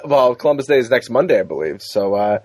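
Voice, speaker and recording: Husky-voiced male podcast host. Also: mid-range voice, very animated, quick pace, a little mellow, no echo. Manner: laughs often, loose and joking. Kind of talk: casual comedic podcast banter.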